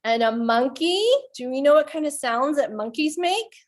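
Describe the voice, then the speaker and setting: A woman's voice: high-pitched, moderate pace. A woman leading a children's storytime, reading aloud and playfully making animal sounds with the kids. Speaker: children's librarian.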